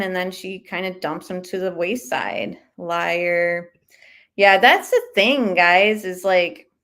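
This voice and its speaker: A woman hosts a live commentary stream in a relaxed, chatty way. She gives her opinions freely and reacts to viewer comments, reading them aloud as they come in. Her voice sits at an ordinary middle pitch. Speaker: commentary channel host.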